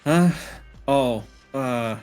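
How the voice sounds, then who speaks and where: A man voicing a weary woman photographer who drinks at her desk, with a low, flat, mumbling delivery. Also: very slow, smooth, soft background music.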